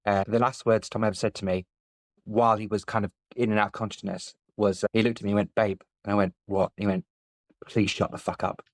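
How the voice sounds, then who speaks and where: A man's voice: lowish voice, flat delivery, fast talker, dry recording. A man, telling a personal story as a podcast guest in a candid, plain-spoken way. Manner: candid, plain-spoken, speeds up in tense moments.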